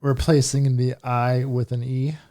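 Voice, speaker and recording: A man's voice: mid-range voice, level tone, measured pace, warm tone. A young man co-hosting a casual podcast, rambling and playful as he shares things he read. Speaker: podcast co-host. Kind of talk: casual stoner chat.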